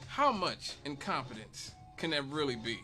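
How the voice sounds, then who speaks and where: A man's voice: mid-range voice, sing-song, moderate pace, sharp tone, soft background music. A man hosting a talk radio show, delivering an emphatic monologue and building his case with rhetorical questions. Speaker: radio host.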